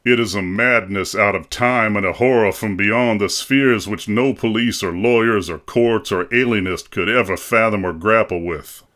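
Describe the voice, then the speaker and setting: Guy reading a grave slow-spoken old doctor, accusing and calm, lowish voice. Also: close to an everyday voice. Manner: slow, solemn and measured, accusing. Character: grave, implacable older male doctor. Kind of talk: audiobook character reading.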